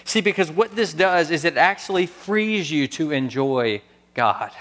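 A man in his thirties preaching a sermon, earnest and storytelling, pausing before key words. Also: on the high side, animated, a bit bright. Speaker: pastor.

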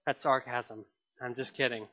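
A man's voice: mid-range voice, steady tone, normal speed, dull audio. A man preaching a sermon in an earnest way, often repeating and restarting phrases. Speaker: pastor.

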